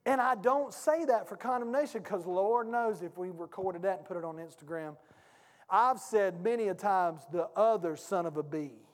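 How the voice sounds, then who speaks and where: A man preaching a sermon as pastor, with a call-and-response delivery that swings from hushed to shouting. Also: sits high, moderate pace. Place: church sanctuary. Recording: long hall reverb.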